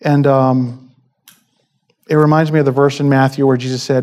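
A man's voice: medium pitch, little pitch movement, moderate pace, pauses often, darkish tone. Hesitant man preaching a casual sermon. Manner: informal, many ums and restarts.

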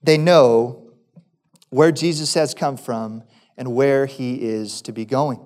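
A man's voice: medium pitch, fairly even intonation, takes it slowly, a little mellow. A man preaching a sermon, reading scripture and asking the congregation rhetorical questions. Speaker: pastor.

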